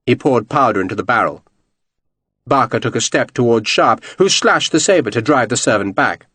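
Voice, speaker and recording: A man narrating an audiobook in an expressive, dramatic reading style. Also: mid-range voice, normal speed, slightly rough, dry recording.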